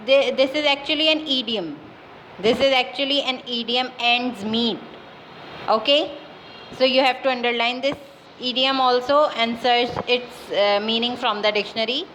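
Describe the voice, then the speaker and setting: Woman, Pakistani English accent, school teacher, high-pitched, repetitive dictation, faint background hiss. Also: steady tone, fairly bright tone, poor audio. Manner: slow, repetitive dictation with many fillers. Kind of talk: recorded class lesson.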